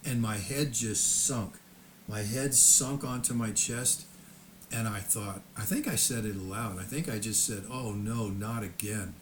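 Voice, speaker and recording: This is an older man with a low voice telling his own story unscripted. He swears freely and often stammers and restarts his sentences. The telling is heated and blunt. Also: a little slow, a little hiss or hum. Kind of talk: unscripted personal storytelling monologue.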